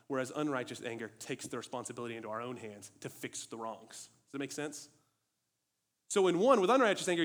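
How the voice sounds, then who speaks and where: A male preacher delivering a sermon with a slightly raised pitch. He speaks in an animated, emphatic way, pressing his points with rhetorical questions.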